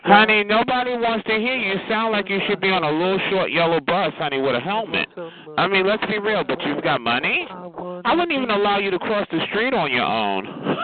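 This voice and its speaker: A man's voice: high voice, very animated, fairly quick. A man hosting a voice chat, flamboyantly mocking and roasting someone, calling him honey and child. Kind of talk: trash-talking roast in a voice chat. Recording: tinny phone-like audio with crowd chatter.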